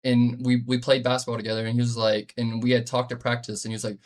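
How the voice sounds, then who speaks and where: A man's voice: mid-range voice, fast talker, few pauses. Profane young male streamer. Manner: profane, animated storytelling, frequent "bro". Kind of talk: casual live-stream chat.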